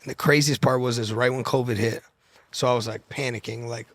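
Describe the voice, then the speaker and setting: A man's voice: medium pitch, flat delivery, fairly quick, fairly bright tone, no echo. Dry, close-miked man telling stories. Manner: loose, profane, re-enacts conversations. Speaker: podcast guest, luxury car dealer. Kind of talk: casual storytelling chat.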